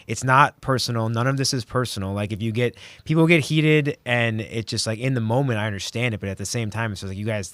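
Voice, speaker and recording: This is a fast-talking man with a lowish voice, speaking emphatically as a realtor guest on a casual podcast. He fills his speech with "like." The sound is dry and close. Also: a bit bright, no room sound. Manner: rapid, filler-heavy, emphatic.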